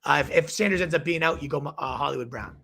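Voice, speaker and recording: Young male host, rapid-fire calls, bright husky voice with gravelly fry, going hoarse. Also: a little high. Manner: energetic, quick verdicts. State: losing his voice. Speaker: fantasy football show host. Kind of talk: rapid-fire live advice show.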